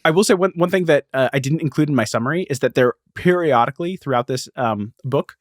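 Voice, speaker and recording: A man with an average-pitched voice chats through a comic book story on a podcast, laughing lightly as he narrates the panels. The sound is close and dry, with no room around it. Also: fast talker, dry recording. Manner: laughs often while retelling scenes. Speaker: podcast co-host. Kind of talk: casual comic book discussion.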